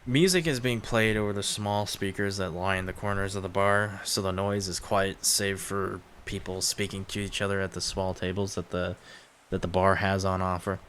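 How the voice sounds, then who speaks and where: A man narrating scenes and running a tabletop role-playing game in a relaxed, descriptive way. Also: fairly low pitch, a little hiss or hum. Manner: relaxed, descriptive, laughs easily. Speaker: game master.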